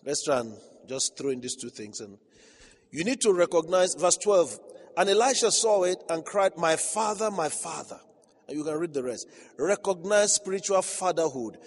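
A pastor preaches in a somewhat high voice, mixing storytelling and chuckles with surging, emphatic passages. His voice carries a long reverb from the large hall. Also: lively intonation, moderate pace. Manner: storytelling, laughing often, rising to emphatic crescendos. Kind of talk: sermon.

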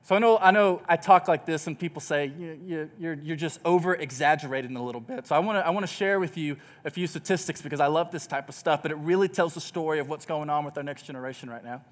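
A young man from Texas preaching a sermon, opening with a funny, self-deprecating story in a lively storytelling manner. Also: on the high side, fast talker, few pauses.

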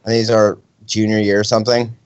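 A young man casually chatting as a podcast co-host, telling an animated story and acting out the people in it. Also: on the low side, fast, dry recording. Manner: animated storyteller, acts out quotes. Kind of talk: casual chat. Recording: dry, slightly dull sound.

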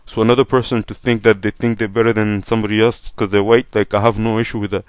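A man's voice: lowish voice, little pitch movement, fast talker, hardly any pauses, clear, resonant tone, dry recording. A young man from Canada talking in a casual opinion rant, blunt and profane, full of "like" and "fam".

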